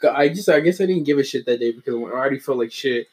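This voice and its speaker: A man's voice: medium pitch, fast talker. Rambling, swearing young-sounding man. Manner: rambling, heavy swearing, self-mocking. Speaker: storyteller among friends. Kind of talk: casual chat.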